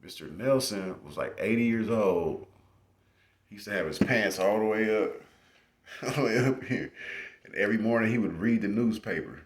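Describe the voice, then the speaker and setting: Deep-voiced man telling stories, swearing freely. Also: moderate pace. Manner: profane, laughing, animated retelling. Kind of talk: casual storytelling. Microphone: phone.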